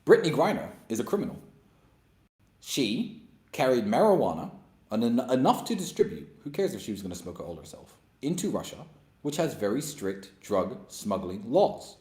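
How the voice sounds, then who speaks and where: A man's voice: medium pitch, big pitch swings, normal speed, a little mellow. A man hosting an opinionated monologue and Q&A, blunt and sarcastic, with emphatic delivery. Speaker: host. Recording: roomy echo.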